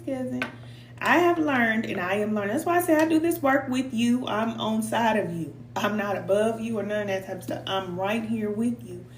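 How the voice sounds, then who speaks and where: A middle-aged woman talks to her viewers in a folksy, chatty way and laughs easily. Her voice sits at a middle pitch for a woman. The sound bounces around a roomy space, with a faint hum underneath. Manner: chatty, folksy, reads viewers' comments aloud and laughs often. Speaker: spiritual reader and host. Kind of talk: casual live-stream talk to viewers. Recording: echoey room with faint hum.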